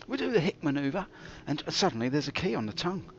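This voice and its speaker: A man streaming a game, telling theatrical, jokey stories with big swings in pitch. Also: sing-song, fast talker, highs cut off. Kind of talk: rambling live-stream commentary.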